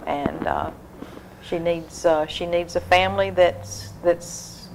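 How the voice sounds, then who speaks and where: A woman's voice: on the low side, very animated, slow pace, vocal fry, background noise. A woman, a humane society volunteer, explaining things earnestly in a casual interview. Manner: earnest, explanatory, frequent fillers.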